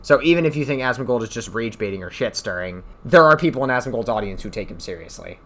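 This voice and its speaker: A man's voice: medium pitch, lively intonation, fast, a bit bright. A man giving heated, exasperated reaction commentary, swearing often and repeating his points. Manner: heated, exasperated ranting with profanity. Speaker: commentary streamer.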